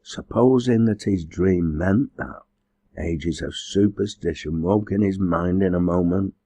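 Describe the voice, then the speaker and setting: Deep, husky male audiobook narrator. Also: a little slow, mellow, no room sound. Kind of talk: scripted narration.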